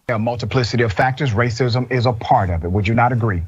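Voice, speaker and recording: Husky, insistent male debate host. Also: medium pitch, fast. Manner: insistent, interrupting. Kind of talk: heated debate. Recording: dull lo-fi clip.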